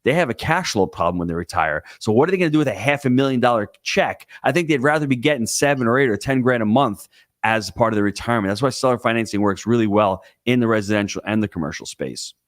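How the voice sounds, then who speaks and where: A man speaking on a conference panel, explaining investing with an energetic, emphatic coaching tone. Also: medium pitch, quick pace, dry recording, clean studio sound. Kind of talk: live panel talk. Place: conference stage.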